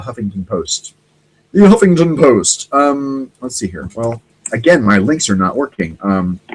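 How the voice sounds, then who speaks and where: A man hosting a casual solo talk show, rambling and animated, now and then mimicking other people's voices. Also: medium pitch, low-quality recording. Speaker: podcast host.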